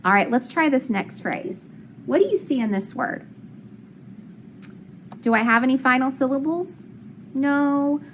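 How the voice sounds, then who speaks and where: A woman's voice: medium pitch, slight background noise. Patient woman teaching a phonics lesson. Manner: slow, patient, drawn-out sounding of letters and syllables; asks questions and answers them herself.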